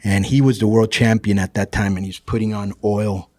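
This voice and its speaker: Husky low-voiced man telling stories. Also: fairly even intonation, moderate pace, warm tone, no echo. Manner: profane, says "bro" and "you know" often. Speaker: guest. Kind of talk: casual storytelling.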